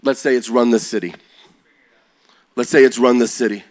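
A man preaching to young people, telling stories with rising energy and shifting to a slow, quiet prayer. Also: mid-range voice. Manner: energetic, builds to loud excited peaks; slow and quiet when praying. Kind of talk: sermon storytelling.

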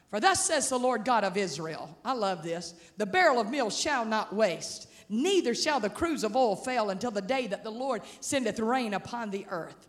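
A woman preaching with a very high voice. She tells the story with dramatic energy, breaking into shouts and laughter. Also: lively intonation, normal speed. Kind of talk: sermon.

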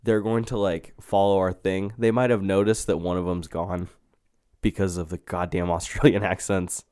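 A man's voice: deep voice, level tone, moderate pace, darkish tone, clear, resonant tone, no echo, clean studio sound. A young man co-hosting a podcast, chatting loosely, joking and swearing with his co-host. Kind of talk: casual podcast chat. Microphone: podcast mic.

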